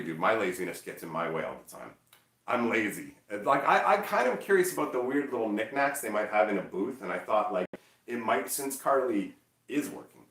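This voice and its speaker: A man chatting casually on a livestream, loud and energetic, teasing his chat. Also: on the low side, echoey room, distant mic. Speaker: streamer.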